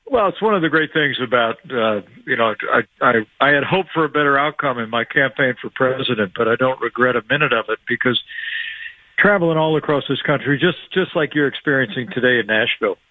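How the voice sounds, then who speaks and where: A man's voice: mid-range voice, no echo. Earnest man in his sixties on a tinny phone line. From Indiana. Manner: measured, earnest, frequent "uh" pauses. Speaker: guest, former politician. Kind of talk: phone-in radio interview.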